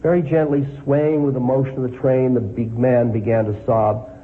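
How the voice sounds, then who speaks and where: A man's voice: medium pitch, flat delivery, moderate pace. Man teaching over a thin phone line. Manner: reflective, asks questions to the listeners. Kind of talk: story reading then reflective talk. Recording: phone-like line with faint noise.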